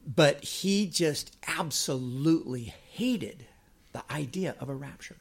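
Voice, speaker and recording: Male preacher, middle-aged, gravelly, husky, sermon, slow emphatic reading, chatty asides. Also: on the high side, lively intonation.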